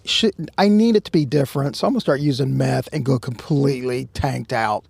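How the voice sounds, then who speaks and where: A man co-hosting a podcast, casually telling a story outdoors at a truck stop and shouting out the quoted lines. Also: mid-range voice, a little fast, gravelly, husky, no room sound.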